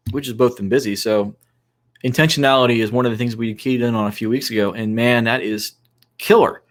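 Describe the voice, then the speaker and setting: A man's voice: medium pitch, fairly even intonation, brisk. Man giving advice on a podcast. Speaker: co-host. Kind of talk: casual podcast discussion.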